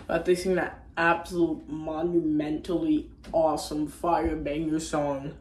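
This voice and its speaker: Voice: medium pitch, flat delivery, unhurried, roomy sound, a little hiss or hum. A vlogger giving a rambling, casual movie recap, often second-guessing the plot order and using slang. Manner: rambling, unsure of itself, slangy.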